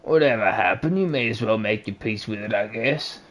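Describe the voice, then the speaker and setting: A man's voice: on the low side, normal speed, natural voice. A man voicing a laid-back animal street drifter who speaks in an easygoing drawl. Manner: easygoing drawl, calls others "friendo".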